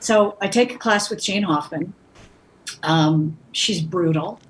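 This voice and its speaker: A woman's voice: lowish voice, slow, slight background noise, poor audio. A middle-aged actress telling stories in conversation, acting out the people she quotes. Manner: animated anecdotes with acted-out quotes. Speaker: actress, guest. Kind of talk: conversational storytelling.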